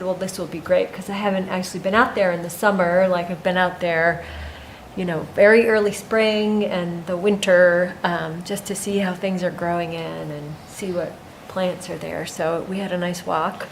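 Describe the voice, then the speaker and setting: A woman, a land stewardship coordinator, giving an unhurried, informal update at a town meeting with frequent pauses. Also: fairly low pitch, steady tone, a little hiss or hum, poor audio. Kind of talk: staff report at a town meeting.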